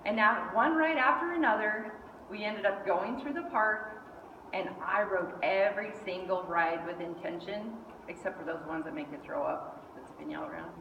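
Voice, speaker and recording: A middle-aged woman giving a lively storytelling speech, acting out the voices of the people in her story. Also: mid-range voice, normal speed, far from the mic, dull audio, noisy background. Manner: animated, acts out quoted voices. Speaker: speaker at a speech club. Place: meeting hall indoors. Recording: echoey hall, mic from afar.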